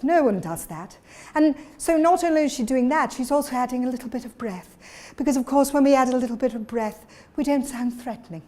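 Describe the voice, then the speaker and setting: Giving a workshop lecture, this communications coach is a woman whose voice runs on the high side. She's lively and demonstrative with her audience.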